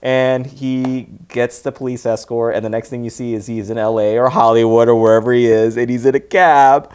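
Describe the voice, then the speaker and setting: A man's voice: mid-range voice, steady tone, moderate pace, darkish tone, clean tone. A man co-hosting a talk show, casually recapping a film's plot with frequent restarts and laughter. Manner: rambling, restarts, laughs often. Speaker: podcast co-host. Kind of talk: casual movie recap chat.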